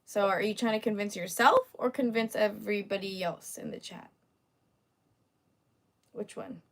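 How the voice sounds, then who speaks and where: A woman's voice: medium pitch, normal speed. A young adult woman hosting a livestream, teasing commenters with sassy, laughing casual chat. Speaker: livestream host.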